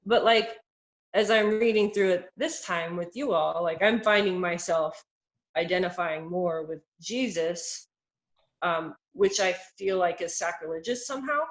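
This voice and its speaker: A woman's voice: on the low side, measured pace. A woman in a Bible study group, thinking aloud in a rambling way, full of "like" and "um". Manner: rambling and searching, heavy use of "like" and "um". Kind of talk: casual group discussion. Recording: echoey room.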